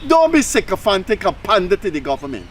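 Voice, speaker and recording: A Guyanese man hosts a talk show with emphatic, opinionated commentary and mocking asides. His voice sits very high for a man, and a faint hiss runs underneath. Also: wildly swooping pitch, quick pace, rough recording.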